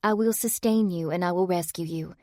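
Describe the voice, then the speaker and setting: A woman's voice: fairly low pitch, brisk, dry recording, studio quality, lightly acted. A woman reading the lines of a devout woman who reassures a friend with scripture. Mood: reassuring. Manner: gently reassuring.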